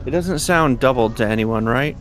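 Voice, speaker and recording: A man's voice: mid-range voice, normal speed, faint music behind. A man hosting a live stream, talking casually and hesitantly as he sorts out the audio setup. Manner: hesitant, troubleshooting aloud. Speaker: stream host.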